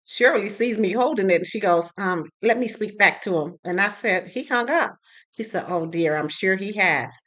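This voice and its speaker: A woman's voice: medium pitch, moderate pace, fairly bright tone. A middle-aged woman telling a personal story in a casual, chatty way, acting out the other people's lines as she goes. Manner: chatty, with frequent fillers and asides. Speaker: storyteller sharing a personal experience.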